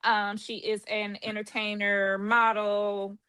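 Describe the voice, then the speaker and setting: Bright, chatty woman podcast host. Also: medium pitch, monotone, slow pace, clear, resonant tone. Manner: chatty, promotional, frequent "um" fillers. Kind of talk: casual chat.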